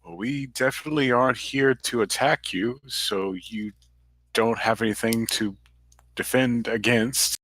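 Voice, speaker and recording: A man's voice: medium pitch, measured pace, fairly bright tone, dry recording. A man playing in an online tabletop game, speaking hesitantly and politely in character. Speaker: player.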